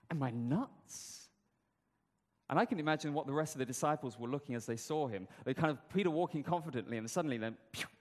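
A man's voice: fairly high pitch, long reverb tail. A man preaching a sermon, telling the story conversationally with rhetorical questions.

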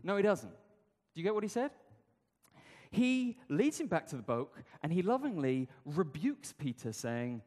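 A man's voice: on the high side, very animated, moderate pace, a little mellow, in a large hall. A man preaching a sermon, telling the story conversationally with rhetorical questions.

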